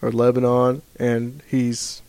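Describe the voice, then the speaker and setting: Male podcast co-host, mid pitch, relaxed and rambling, dry close-mic sound. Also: slow, clean tone, no room sound. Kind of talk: casual chat, reading aloud a passage.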